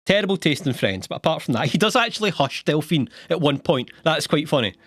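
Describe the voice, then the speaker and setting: A young man narrating a comedic video game summary, sarcastic and animated, swearing casually and laughing between lines. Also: a little high, a little fast, husky.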